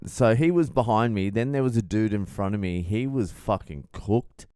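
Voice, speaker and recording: A man's voice: fairly low pitch, moderate pace, warm tone, clean tone, no room sound, studio quality. A man, a comedian hosting a casual podcast, telling stories in a blunt, profane, comic way. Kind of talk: casual storytelling monologue.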